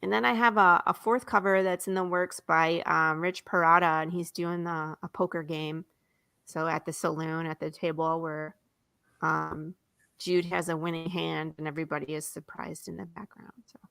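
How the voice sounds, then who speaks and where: Gravelly low-voiced woman telling a story. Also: normal speed, no room sound, clean studio sound. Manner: animated storyteller, voices characters, laughs often. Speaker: comics creator, guest. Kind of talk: casual chat, retelling comic pages with acted quotes.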